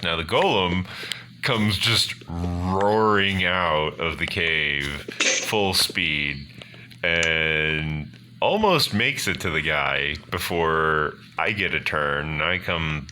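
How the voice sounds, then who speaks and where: A man's voice: deep voice, pushed and bright. A man hosting a gaming channel who tells a story casually, rambling and hesitant with fillers. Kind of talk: casual storytelling over gameplay. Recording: home recording with background noise and clicks.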